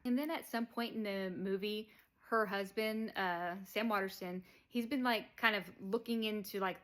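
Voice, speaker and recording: A woman's voice: mid-range voice, fairly bright tone. A woman casually retells a movie plot in a rambling way. She leans on fillers and chuckles now and then. It sounds unscripted and easygoing. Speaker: movie reviewer.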